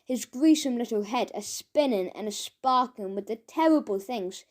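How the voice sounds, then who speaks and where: A woman narrating a children's audiobook, chanting its rhymes with lively rhythm. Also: fairly high pitch, normal speed.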